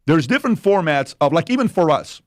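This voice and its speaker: A man's voice: on the high side, sing-song, fairly quick, no echo. A man holding forth on a podcast, driving his advice home by repeating himself. The sound is close and dry. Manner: emphatic, repetitive advice-giving. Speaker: podcast host in clip. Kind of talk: podcast monologue.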